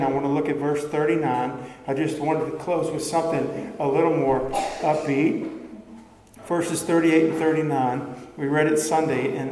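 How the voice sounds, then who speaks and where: A man preaches in a conversational, earnest way, pressing his points with rising emphasis. His voice sits a little high but sounds mellow. The sound rings with long reverb from a large hall, with faint room noise behind. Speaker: pastor. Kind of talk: sermon.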